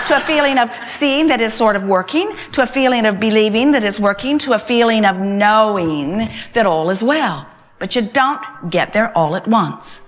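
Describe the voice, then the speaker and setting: A woman's voice: mid-range voice, lively intonation, moderate pace, slight background noise. A woman giving a motivational talk to a live gathering. She speaks emphatically as "we", repeats her points and builds long step-by-step lists. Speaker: inspirational speaker.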